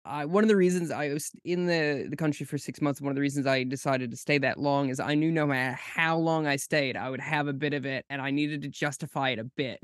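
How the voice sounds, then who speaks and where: A man's voice: fairly high pitch, fairly even intonation, a little fast, few pauses, no room sound, studio quality. A young man hosting a podcast, asking questions in a playful, chatty way and giggling often. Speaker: podcast host. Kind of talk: casual chat.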